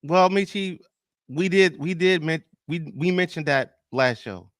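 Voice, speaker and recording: A man hosting a casual sports podcast, talking in an animated way, exclaiming and restarting often. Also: on the high side, unhurried, no room sound, clean studio sound. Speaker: podcast host.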